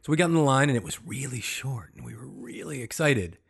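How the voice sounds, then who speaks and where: A man's voice: mid-range voice, lively intonation, brisk, gravelly, husky. A man co-hosting a casual chat, telling a rambling story with lots of restarts and fillers. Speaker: podcast co-host.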